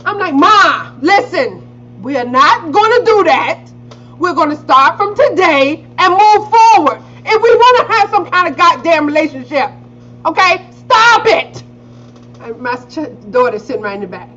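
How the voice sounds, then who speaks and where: A middle-aged woman co-hosts a podcast, casually telling stories at a moderate pace and swearing freely. She acts out quotes with big pitch jumps across a wide-ranging voice, recorded in slightly dull lo-fi audio with a faint hiss.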